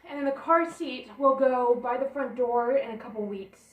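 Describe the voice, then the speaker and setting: Speaking at a moderate pace in a high-pitched voice, a young woman vlogs at home, unpacking baby gear in her apartment bedroom and rambling as she thinks aloud. The recording feels roomy with the camera slightly far away, and a portable air conditioner hums nearby.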